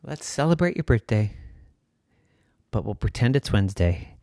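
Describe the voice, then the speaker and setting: An adult doing an exasperated, lively mom. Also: medium pitch, normal speed, dry recording, clean studio sound. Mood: coaxing. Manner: alarmed, then coaxing. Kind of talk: improvised bedtime story.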